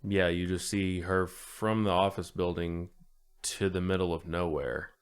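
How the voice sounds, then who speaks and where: A man co-hosting a podcast, chiming in casually with questions and quick agreement. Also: low voice, steady tone, clean tone. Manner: laid-back, short questions and agreeing interjections. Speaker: podcast co-host. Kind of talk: casual movie review chat.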